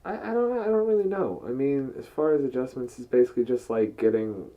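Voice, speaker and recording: A man's voice: medium pitch, lively intonation, fast talker. A man co-hosting a casual couples podcast, talking in a laid-back, rambling way and swearing freely. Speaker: podcast co-host. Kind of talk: casual chat. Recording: muffled lo-fi mic.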